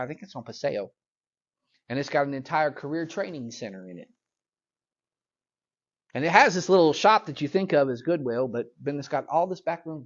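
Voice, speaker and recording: A man's voice: on the high side, dull audio. A man teaching a Bible lesson in a conversational, emphatic way, mixing scripture reading with casual asides.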